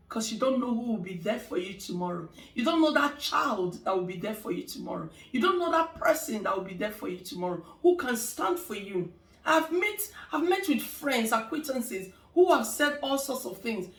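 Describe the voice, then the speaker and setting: A woman's voice: on the high side, expressive, moderate pace, fairly bright tone, reverberant, distant mic. A middle-aged woman giving life advice in a casual talk, emphatic and preachy, repeating phrases for stress. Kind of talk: casual motivational talk to camera.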